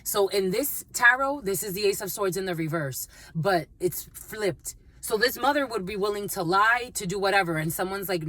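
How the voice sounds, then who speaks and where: A woman's voice: medium pitch, animated, normal speed, few pauses, sharp tone, dry recording. A woman giving a channeled tarot reading, blunt and emphatic, swearing freely and repeating phrases. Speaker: tarot reader.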